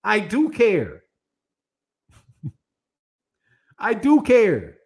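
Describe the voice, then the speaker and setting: A middle-aged man with a notably high-pitched voice hosts a boxing channel and reacts to the news in casual, animated commentary. He hammers his points home by repeating them, talks straight to the viewers, and laughs often between points. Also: very slow.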